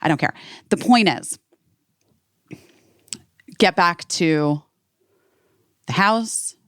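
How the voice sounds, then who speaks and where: A woman's voice: lowish voice, extremely slow, no room sound, clean studio sound. A woman hosting a podcast, telling a story in casual chat with lots of fillers. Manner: animated storytelling with many "like" fillers. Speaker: podcast host.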